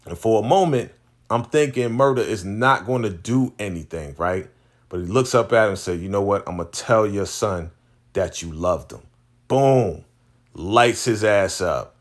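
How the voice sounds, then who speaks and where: Deep-voiced man recapping a TV episode. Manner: animated, acts out dialogue in quick character voices. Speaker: TV recap vlogger. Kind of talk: casual episode recap, retelling scenes.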